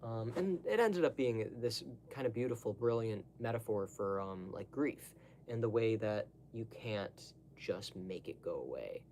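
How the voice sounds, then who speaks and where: A man's voice: fairly low pitch, lively intonation, unhurried, a little mellow, slight background noise. A young man talking casually to the camera, rambling through digressions with lots of fillers and asides. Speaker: vlogger.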